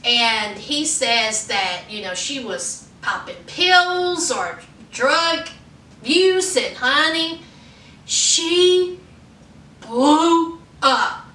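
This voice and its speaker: High, animated, slow-talking woman vlogger. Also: far from the mic, slight background noise. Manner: chatty, drawling, addresses viewers as honey and y'all. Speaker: gossip vlogger. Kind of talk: casual celebrity gossip. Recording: roomy and off-mic.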